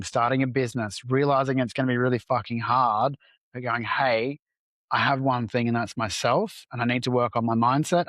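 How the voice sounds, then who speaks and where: A man's voice: medium pitch, a bit bright, dry recording. Candid man telling stories, dry sound. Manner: candid, casual swearing, acts out dialogue. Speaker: entrepreneur guest. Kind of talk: conversational podcast storytelling.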